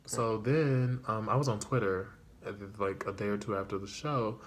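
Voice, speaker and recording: A young man telling a casual storytime vlog, slangy and full of fillers, leaping into a high excited voice when he quotes himself. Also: normal speed. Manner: animated, jumps to high excited pitch when quoting himself; loose slangy chat with many fillers. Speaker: storyteller vlogger.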